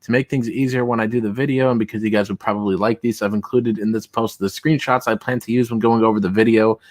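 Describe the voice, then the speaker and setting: A man's voice: fairly low pitch, fairly even intonation, fast talker, a little mellow, no room sound. A man hosting a casual online show, rambling and laughing as he reads messages aloud. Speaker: show host. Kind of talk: casual commentary, reading screenshots aloud.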